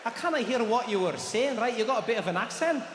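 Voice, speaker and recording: A man playing a polite waiter with a Scottish accent in a stand-up bit, speaking softly and courteously. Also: extremely high pitch, expressive, crowd noise, background noise. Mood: politely puzzled. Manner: soft, courteous, unhurried. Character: Indian waiter in Scotland, polite and firm. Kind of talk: stand-up comedy acting. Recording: roomy hall echo, venue ambience.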